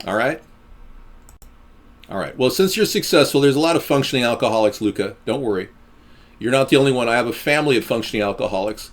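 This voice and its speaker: A man hosts a live stream, addressing his viewers in a sarcastic, ranting, joking manner while his voice swoops between high and low.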